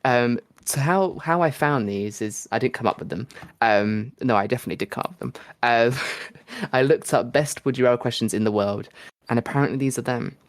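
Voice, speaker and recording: A man from the United Kingdom co-hosting a casual podcast. He rambles from one thought to the next, quick and full of fillers, with an easy middle-pitched voice. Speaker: podcast host. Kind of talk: casual chat.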